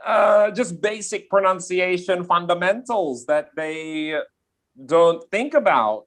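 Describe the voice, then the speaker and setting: A man from Australia with a softened Australian accent, an English teacher explaining pronunciation in a live online class, often checking in with "yeah?". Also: sits high, slow pace. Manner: explanatory, repeats key points, checks in with "yeah?".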